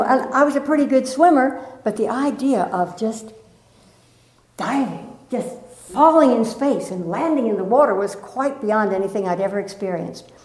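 Her voice a little high, a spiritual teacher addresses a live group in an echoey meeting room. She starts by slowly reciting a poem, then shifts into animated stories from her own life, drawing the audience in with playful prompts.

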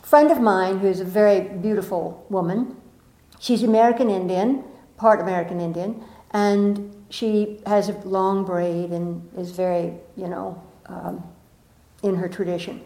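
Expressive woman telling a spiritual story. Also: medium pitch, unhurried, roomy sound, poor audio. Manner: expressive storyteller, acts out quotes, laughs often. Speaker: spiritual speaker. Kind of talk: inspirational talk to an audience.

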